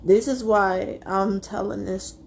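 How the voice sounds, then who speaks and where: A young adult woman telling a personal story to her viewers, fighting back tears and speaking haltingly. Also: mid-range voice, fairly even intonation, gravelly, a little mellow, slight background noise. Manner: tearful, halting, addresses viewers as y'all. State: close to tears. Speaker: vlogger.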